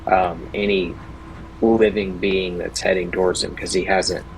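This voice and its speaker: A man's voice: sits low, little pitch movement, measured pace, gravelly, slight background noise, low-quality recording. A man playing in a tabletop game, explaining his character's choices hesitantly with many fillers and restarts. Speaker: player. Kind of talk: casual in-game discussion.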